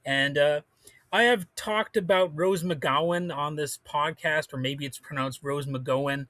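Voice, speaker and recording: A man's voice: on the high side, unhurried, pushed and bright, no echo. A man hosting a solo podcast, rambling casually with lots of fillers and restarts, blunt and prone to swearing. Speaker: podcast host.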